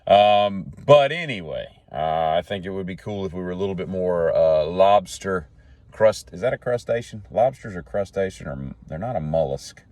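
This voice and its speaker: Male solo host, folksy and tangent-prone, low-pitched, dry recording. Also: expressive, moderate pace, darkish tone, dry recording. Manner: jokey, tangent-jumping, folksy. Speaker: podcast host. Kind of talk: rambling solo monologue.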